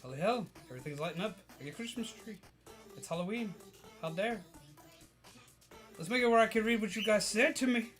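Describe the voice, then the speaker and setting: A streamer talking live to chat from a very small room, excitable and playful, exclaiming a lot and speaking in a deliberately silly put-on accent. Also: medium pitch, soft background music. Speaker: streamer carving a pumpkin. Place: very small room, standing at a desk.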